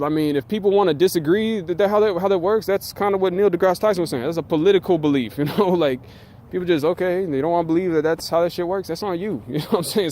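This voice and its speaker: A man's voice: high-pitched, darkish tone. Profane, emphatic man ranting in slang. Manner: profane, slangy and emphatic, with frequent laughs and filler. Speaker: vlogger. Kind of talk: casual rant to camera.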